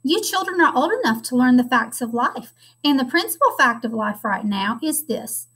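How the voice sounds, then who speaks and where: A woman's voice: high-pitched, big pitch swings, moderate pace, bright, forceful tone, slightly rough, heavily acted, low-quality recording. A wordy, lecturing father swan, as a woman reads him. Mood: pompous. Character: stately, long-winded father swan. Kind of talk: reading a storybook aloud.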